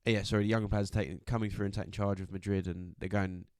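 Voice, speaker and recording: Man, low voice, podcast co-host, steady results roundup, dry close sound. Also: fast talker, no echo. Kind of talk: casual chat and news roundup.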